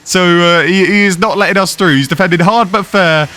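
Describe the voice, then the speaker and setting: Excitable man commentating a race game. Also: high voice. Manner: fast, excitable, play-by-play. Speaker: gaming YouTuber commentating his own race. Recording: faint game music behind.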